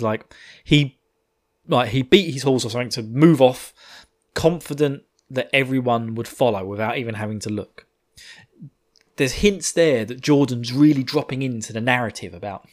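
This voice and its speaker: A man recapping a fantasy novel chapter in a rambling, casual way, often laughing and swearing. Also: medium pitch. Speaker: book reviewer.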